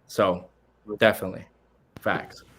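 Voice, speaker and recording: A man's voice: sits low, measured pace, fairly bright tone. A man who is a guest in a casual interview, answering in an earnest, reflective way about traveling.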